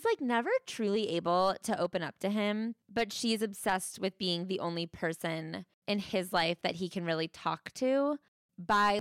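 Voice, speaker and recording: A woman with a slightly low voice gives blunt, critical commentary on a podcast and reads memoir passages aloud between her remarks. She swears casually. The recording is close and dry. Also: dry recording. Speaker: podcast co-host.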